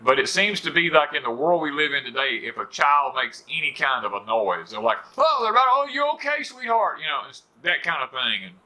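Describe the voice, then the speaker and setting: A man's voice: medium pitch, brisk, few pauses, bright, forceful tone. A middle-aged man with a Southern US accent, hosting a rambling, folksy porch talk for viewers and leaning on "you know" fillers. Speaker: homestead channel host. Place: on a porch at home.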